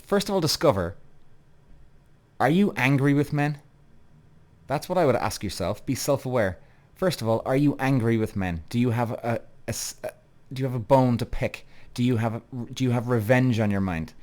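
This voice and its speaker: A thirtysomething man with a medium-pitched, darkish voice hosts a solo podcast, ranting in an animated way at a normal speed. He swears heavily, circles back over the same points, and speaks directly to his listeners as "guys."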